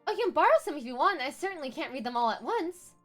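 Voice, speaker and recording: A woman's voice: high-pitched, expressive, quick pace, fairly bright tone, faint music behind. A woman voicing a sweet, clumsy young woman who loves books. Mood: eager.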